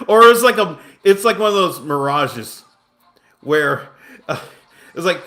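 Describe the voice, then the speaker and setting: A man's voice: sits high, lively intonation, takes it slowly, long pauses, sharp tone. Rambling man with a raised voice. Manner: rambling, full of restarts and asides; self-mocking humor. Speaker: gaming streamer. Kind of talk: casual storytelling while playing.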